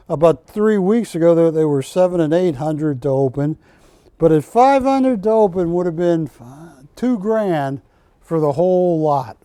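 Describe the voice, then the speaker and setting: A man's voice: on the high side, dark tone, dry recording. A man hosting a live shopping-channel show, selling art with a folksy, joking, bargain-pushing manner in a TV studio. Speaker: home-shopping host.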